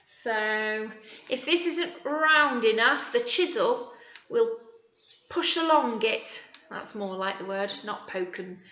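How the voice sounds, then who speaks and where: A woman teacher with a British accent leading a young children's phonics lesson, modelling words slowly and encouragingly. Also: on the high side, expressive, sharp tone. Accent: British English. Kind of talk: early years phonics lesson. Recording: echoey room, dull lo-fi sound.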